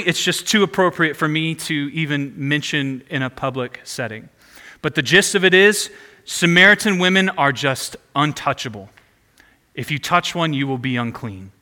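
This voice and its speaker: A man's voice: a little high, sharp tone, long reverb tail. A man preaching a sermon as pastor, prompting the congregation to repeat phrases back to him.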